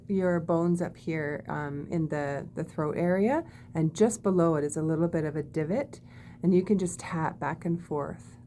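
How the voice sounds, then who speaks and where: A woman teaching body-calming techniques in a gentle, demonstrative way, often checking in with "okay?". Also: deep voice, a little hiss or hum. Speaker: wellness teacher. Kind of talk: guided body-calming lesson.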